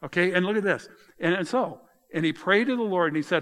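A man preaching a sermon in a conversational, animated way, swinging from loud to quiet. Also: high-pitched, fast, hardly any pauses. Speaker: pastor.

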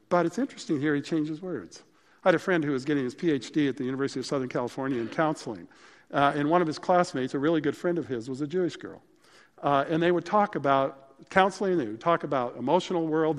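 A man's voice: on the high side, expressive, fast talker. A male pastor preaching a sermon in a conversational, emphatic way that mixes scripture with stories. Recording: long hall reverb.

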